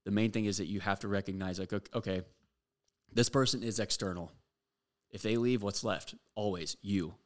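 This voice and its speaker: A man's voice: fairly low pitch, fairly even intonation, moderate pace. A young man hosting a podcast, giving a blunt, profane motivational monologue full of fillers. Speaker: podcast host.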